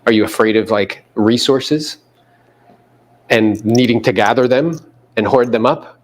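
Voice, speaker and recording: A man coaching a live audience in a meeting room, animated and casual, sometimes coarse, often acting out other people's voices. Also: mid-range voice, measured pace. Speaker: real estate coach. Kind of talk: live seminar talk to an audience.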